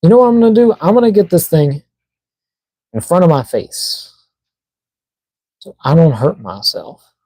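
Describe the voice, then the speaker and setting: A man with a slightly high, very animated, mellow voice chats casually to himself at a moderate pace with long pauses, muttering as he fiddles with packaging while unboxing toys on a live stream. He's a toy collector streamer, and the rough recording has no room sound.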